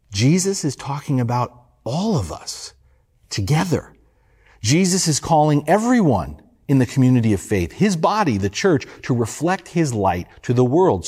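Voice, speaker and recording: Male pastor delivering a sermon; slightly husky voice, lively swings in pitch, earnest rhetorical questions.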